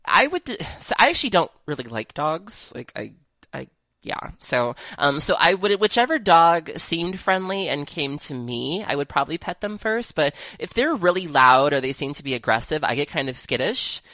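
A woman's voice: low voice, big pitch swings, moderate pace, bright, forceful tone, no room sound. A woman hosting a casual podcast chat, rambling and laughing at herself. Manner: laughing, rambling, self-deprecating. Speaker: podcast host.

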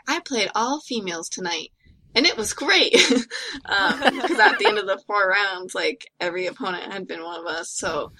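A woman co-hosting a casual podcast, telling stories in a chatty, relaxed way. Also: lowish voice. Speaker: podcast co-host.

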